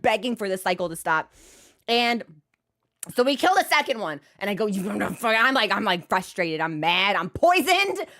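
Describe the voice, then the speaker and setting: A woman's voice: on the high side, bright, forceful tone. A woman streamer telling a comic story in a casual, profane, exasperated way, exaggerating for laughs.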